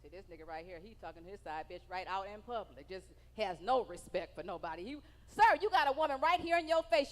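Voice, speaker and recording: A woman doing a stand-up comedy set on stage, brash and profane, teasing people in the audience. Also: medium pitch. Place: comedy stage in a large hall. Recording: live venue with long hall reverb.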